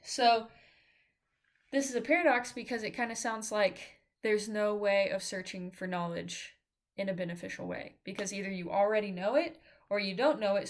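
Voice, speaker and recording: A woman teaching a philosophy class, her voice sitting at an ordinary middle pitch. She talks casually and haltingly, with frequent fillers and restarts. She sounds out of breath. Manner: casual, hesitant, many fillers and self-corrections. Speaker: philosophy lecturer. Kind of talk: informal recorded lecture.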